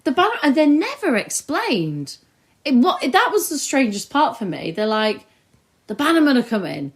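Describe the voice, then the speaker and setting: A woman co-host talking casually about a TV episode with a friend. Her voice moves a lot in pitch, rising high when she gets worked up. She keeps slipping into quick impressions of characters. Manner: animated, acts out scenes in quick put-on voices. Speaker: podcast co-host. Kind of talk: casual chat reviewing a TV episode. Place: recorded together in the same room.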